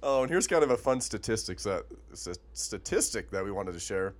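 A man's voice: on the low side, animated, a little fast. A man with a Montana accent co-hosting a podcast in casual chat, joking and laughing often. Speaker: podcast co-host.

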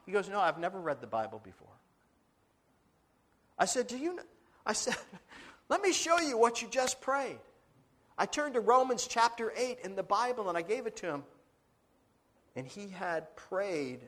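A pastor delivers a sermon story, his voice sitting on the higher side with a fairly bright tone. He earnestly and dramatically acts out the dialogue of the people in the tale, quoting their words.

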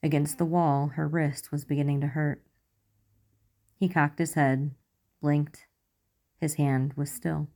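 A woman with a low, dark, mellow voice reads a romance story aloud. Her delivery is measured and soft, steady line by line. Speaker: narrator. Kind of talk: reading romance fan fiction aloud.

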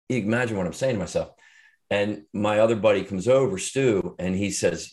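A middle-aged man with a very low, deep voice speaks as an interview guest. He tells his story earnestly and reflectively, often restarting sentences and pausing on fillers. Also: a little mellow.

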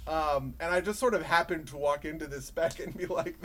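A young man co-hosting a casual gaming podcast, talking in a relaxed way with a lot of filler. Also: a little high, moderate pace. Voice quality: relaxed, filler-heavy, laughs along. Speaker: podcast co-host. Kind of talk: casual chat about video games.

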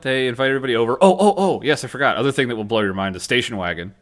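Animated man chatting casually. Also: mid-range voice. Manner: animated, slangy, quick to act out characters' lines. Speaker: podcast co-host. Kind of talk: casual chat.

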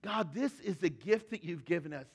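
A middle-aged man preaches a sermon with a fairly high voice. He talks earnestly and conversationally, sometimes dropping to a soft, hushed tone for emphasis. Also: expressive, normal speed, slightly rough. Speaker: pastor.

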